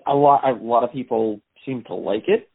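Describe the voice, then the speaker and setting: Husky-voiced man on a tinny line. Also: mid-range voice, moderate pace. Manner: hesitant, searching for words. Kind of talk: casual movie discussion. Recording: tinny phone-like audio.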